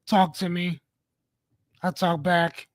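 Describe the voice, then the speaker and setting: Speaking slowly in a high, level voice, a livestream host chats with viewers in a loose, playful, rambling way and says hello to them by name. The sound is dry, with no echo.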